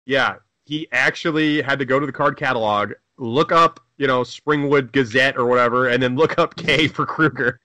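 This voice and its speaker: A man's voice: medium pitch, normal speed, few pauses, pushed and bright, dry recording. A man co-hosting a casual comedy movie commentary, joking and riffing with silly quoted voices. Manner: jokey, puts on silly quoted voices, laughs often. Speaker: riff commentary co-host.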